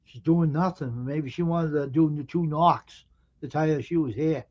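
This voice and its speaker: A man's voice: a little high, normal speed. A man hosting a casual live stream, sleepy and yawning, grumbling about the weather. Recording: dull lo-fi stream audio.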